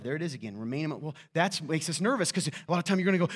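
A man preaching a sermon to his church in a conversational, joking way, asking rhetorical questions and swinging from quiet asides to loud, excited bursts. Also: on the high side, racing, few pauses. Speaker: pastor.

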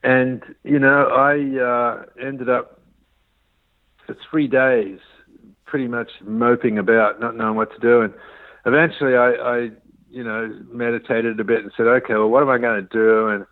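A man rambles through a business story as an interview guest, acting out the quoted dialogue. He talks in a middle register, and the sound is thin and phone-like with no room echo. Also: medium pitch. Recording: tinny dry phone line.

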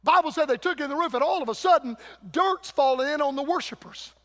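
An older preacher with a strikingly high, ringing voice delivers a fervent revival sermon. His folksy preaching calls out to the congregation by turns, and every phrase trails off into the long reverb of a large church hall. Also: fast talker, a bit bright. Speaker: guest preacher. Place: church sanctuary.

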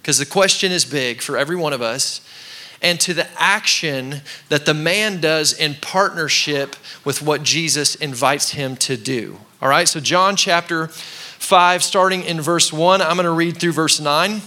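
A man in his thirties preaches in a church with a bright, forceful voice pitched a little high for a man. He talks in a loose, conversational way and asks the congregation to repeat words back to him. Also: unhurried. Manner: conversational preaching with call-and-response. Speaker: pastor. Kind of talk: sermon. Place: church sanctuary.

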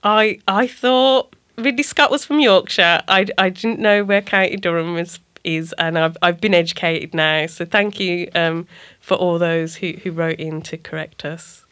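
A woman's voice: on the low side, fairly even intonation, measured pace, a bit bright, clean tone, dry recording, clean studio sound. A woman co-hosting a casual podcast, talking in a playful, jokey way and laughing easily. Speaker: co-host and key holder. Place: small studio.

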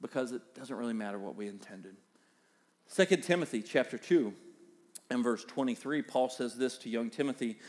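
A middle-aged man with a Southern US accent preaching a sermon as pastor, with animated swings in pitch and loudness. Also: moderate pace.

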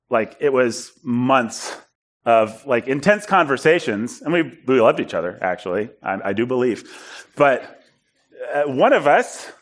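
A man preaching in a storytelling style, animated and self-deprecating, acting out bits of dialogue. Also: mid-range voice. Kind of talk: storytelling sermon.

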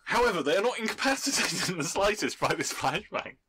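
A man's voice: high voice, fairly quick. Guy running a tabletop game, voice jumps all over, laughs a lot, noisy room. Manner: laughing often, animated. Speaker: game master.

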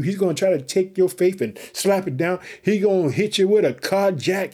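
A man's voice: fairly high pitch, dark tone. A man from Chicago preaching fervently on his podcast, calling out to his listeners again and again. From Chicago, Illinois. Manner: fervent, repetitive call-outs to listeners. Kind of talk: sermon.

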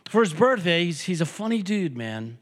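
An older man preaching a sermon as pastor, an animated storyteller who jokes and hammers points home with repetition. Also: sits high, moderate pace. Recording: long hall reverb.

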